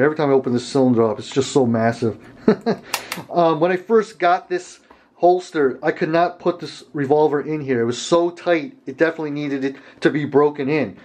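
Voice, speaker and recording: A man's voice: fairly high pitch, darkish tone. A man talking casually to his viewers about a holster, rambling with fillers and asides. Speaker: gun channel host. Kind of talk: casual product talk to camera.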